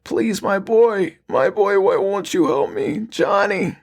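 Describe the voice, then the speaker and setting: A man voicing a creature that imitates an old father, crawling and pleading in a raspy, high, wailing voice. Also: slow pace, heavily acted.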